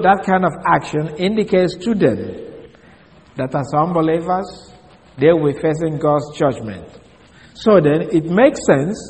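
Man teaching Bible study in a reverberant hall. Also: on the high side. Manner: deliberate, explains step by step, spells out words letter by letter.

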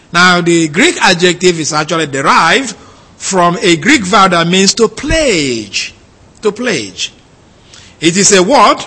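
A man's voice: sits high, bright, forceful tone. A man teaching a methodical lecture on scripture, explaining points carefully and repeating key phrases. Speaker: Bible teacher.

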